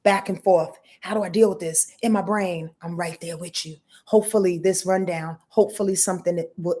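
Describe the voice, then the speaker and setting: A woman's voice: lowish voice, mellow. A woman giving a casual live astrology rundown as host of her channel. She talks to her viewers in a blunt, profane, emphatic way and answers their comments as she goes.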